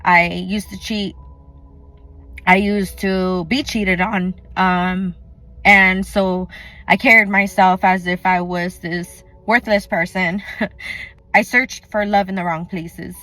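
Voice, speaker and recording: A woman's voice: lowish voice, fairly even intonation, slow, sharp tone, faint music behind. A woman telling a personal faith testimony in an earnest, chatty way, often saying "like" and acting out what others said. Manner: earnest, chatty, full of "like" and quoted dialogue. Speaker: faith vlogger.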